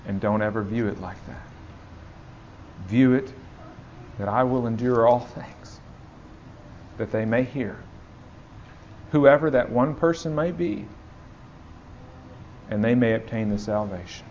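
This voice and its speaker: A man's voice: medium pitch, measured pace, pauses often, a little mellow, a little hiss or hum. Impassioned male preacher, dull recording. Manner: impassioned, dramatic quoting, repeats for emphasis. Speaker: pastor. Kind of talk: sermon.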